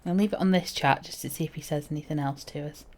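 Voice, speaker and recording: A woman's voice: deep voice, fast, darkish tone. Chatty woman streaming a game. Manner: chatty, playful asides. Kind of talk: casual gameplay commentary.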